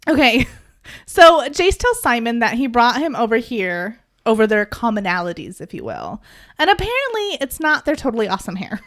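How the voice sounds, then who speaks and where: A woman's voice: a little high, huge pitch swings, moderate pace, a bit bright. Playful woman recapping a book. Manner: playful, recapping with jokes and giggles. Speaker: podcast host. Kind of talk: casual book recap chat.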